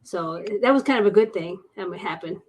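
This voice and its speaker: Talkative woman guest, paranormal investigator, mid-pitched voice, voices quoted people as she tells stories. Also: expressive, fairly quick. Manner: chatty, acts out quoted voices, laughs often. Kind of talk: casual storytelling interview.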